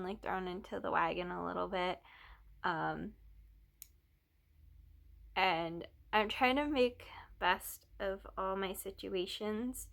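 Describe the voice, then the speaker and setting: A young woman, an art student, rambles softly through a casual vlog with lots of fillers. Her voice is mid-range and she sounds a little out of breath.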